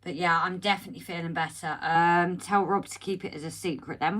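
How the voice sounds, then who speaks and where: A woman hosting a casual home live stream, chatty and greeting viewers by name, her voice slightly croaky as she recovers from being ill, talking into a phone on a holder. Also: fairly low pitch, steady tone, a little fast, fairly bright tone. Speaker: livestream host.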